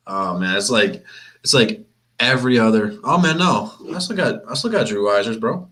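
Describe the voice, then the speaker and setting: A man's voice: on the low side, a bit bright. Laid-back, rambling man on a livestream. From Flint, Michigan. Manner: rambling, chatty, laid-back, repeats himself. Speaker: sports livestream host. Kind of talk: casual chat on a live stream.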